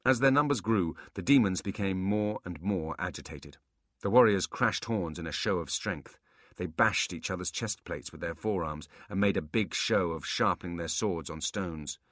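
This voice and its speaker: Deep-voiced male storyteller, lively and bright, husky, dry close mic; good for fantasy audiobooks. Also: moderate pace, dry recording. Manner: expressive storytelling. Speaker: audiobook narrator. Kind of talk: scripted fantasy narration.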